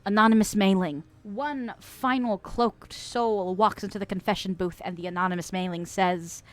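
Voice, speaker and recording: A young woman streamer playing a mock preacher, reading her chat's verdicts aloud with swearing, laughter and loud exclamations. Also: mid-range voice, steady tone, moderate pace. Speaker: streamer hosting a mock confession segment. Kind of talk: playful mock-sermon, reading chat aloud.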